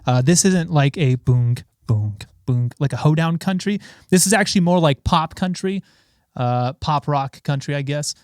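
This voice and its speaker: A man's voice: on the high side, normal speed, clean tone, no room sound, clean studio sound. Breathless, chatty streamer man. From Los Angeles. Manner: loose, chatty, talks to viewers by name. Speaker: streamer and session bassist. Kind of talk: casual live-stream chat. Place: home studio. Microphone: studio microphone.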